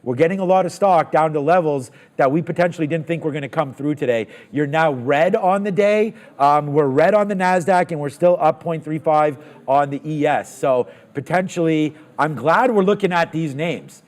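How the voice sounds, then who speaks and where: A man hosting a live trading show, calling trades and thinking aloud with quick excitement. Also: fairly high pitch.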